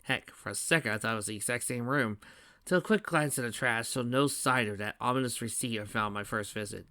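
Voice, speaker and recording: A man reading his fan fiction aloud in the first person, plain and steady. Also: mid-range voice, fairly quick, no room sound, studio quality. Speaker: narrator.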